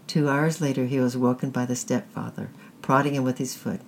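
A measured storyteller reads a children's tale aloud. The voice sits in a middle pitch with a gravelly grain. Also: fairly even intonation, a little hiss or hum. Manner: measured, deliberate reading. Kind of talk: scripted narration of a children's story.

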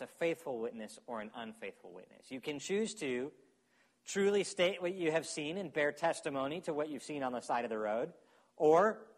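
A man preaching a sermon in a conversational way, often checking in with his listeners. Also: medium pitch. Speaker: pastor.

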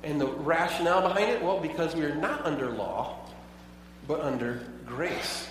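Guy preaching in a big echoey church, kinda high voice, mic far off, lots of ups and downs. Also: moderate pace, background noise. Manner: conversational preaching with rhetorical questions. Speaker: pastor. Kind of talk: sermon.

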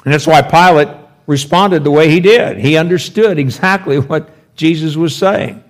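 A man's voice: on the high side, moderate pace. A man teaching through a Bible passage verse by verse, conversational and thinking aloud with rhetorical questions. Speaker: pastor teaching scripture.

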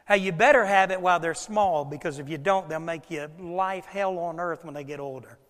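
A man with a high voice preaches to a congregation, his words trailing off into a long hall reverb. He swings from loud, emphatic declarations to hushed, quiet asides as he works through scripture. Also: fairly quick. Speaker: pastor. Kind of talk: sermon.

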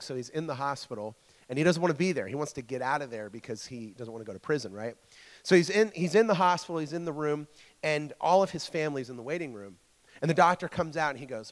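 A man's voice: medium pitch, in a large hall. A man preaching a casual sermon to a church group. He stumbles over his words, repeats himself and keeps checking in with the listeners.

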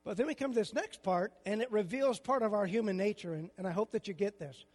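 High-pitched older pastor in a hall. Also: male voice, fast talker, darkish tone, husky. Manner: conversational preaching, rhetorical questions. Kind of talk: sermon.

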